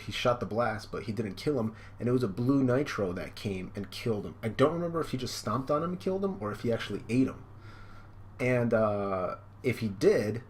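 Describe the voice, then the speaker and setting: A man's voice: on the low side, a little hiss or hum. A young man reading and reacting to a manga live, rambling and amused, with many fillers.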